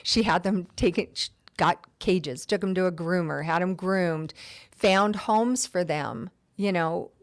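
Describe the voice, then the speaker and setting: A woman who works as a county deputy, a guest on a talk show, telling warm and heartfelt stories from her work. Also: fairly low pitch, unhurried. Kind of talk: storytelling in an interview.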